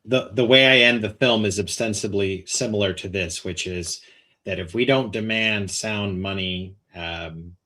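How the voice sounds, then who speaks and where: A man hosting a live conversation, talking eagerly about his film, pausing often with fillers. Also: lowish voice, sharp tone. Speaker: host and filmmaker.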